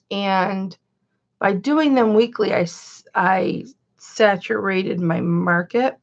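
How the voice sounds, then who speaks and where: A woman's voice: mid-range voice, dull audio. A woman hosting a chatty livestream, greeting viewers by name and calling herself Mama. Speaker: live-stream host and reseller.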